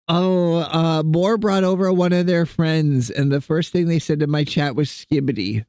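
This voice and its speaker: A man's voice: a little high, fairly even intonation, slow pace, darkish tone, clear, resonant tone, no echo. A young man streaming from his computer desk at home, rambling and joking with his chat and talking to his cats. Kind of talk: casual live-stream chat.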